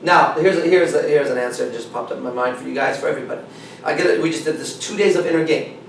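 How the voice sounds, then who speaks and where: A man's voice: on the high side, very fast, gravelly. A man coaching a small group, talking bluntly and with heavy swearing. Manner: blunt, profane, emphatic. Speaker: dating coach. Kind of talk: seminar talk to a small group. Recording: echoey room, mic far off, faint noise.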